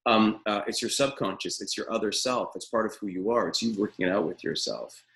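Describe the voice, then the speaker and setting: A middle-aged man with a deep, gravelly voice teaches acting in a live webinar over a webcam from a room at home. He talks in an opinionated, rambling way, full of ums and uhs. His low voice has a steady fry running through it. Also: a little fast, poor audio. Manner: opinionated, rambling, many fillers.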